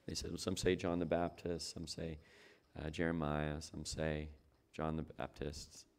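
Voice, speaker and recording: Very deep-voiced male pastor preaching. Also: flat delivery, a little slow. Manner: conversational, asks the congregation rhetorical questions. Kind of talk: sermon.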